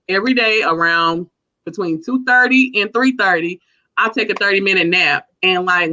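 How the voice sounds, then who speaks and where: A woman guest chatting casually, slangy and animated as she tells stories. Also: medium pitch. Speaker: guest entrepreneur. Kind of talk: casual chat. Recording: dull lo-fi sound.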